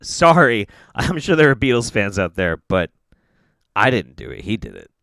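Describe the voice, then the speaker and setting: A young man streaming live reaction commentary, ranting and swearing, swinging between loud outbursts and muttered asides. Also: on the low side, very animated, normal speed, dry recording, studio quality.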